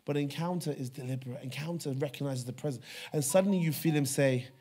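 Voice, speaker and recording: A man preaching a sermon, telling a personal story with fervor, dropping to a hush and then rising loud. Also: fairly high pitch, fast, breathy edge. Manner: fervent storytelling, swings from hushed to loud. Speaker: pastor.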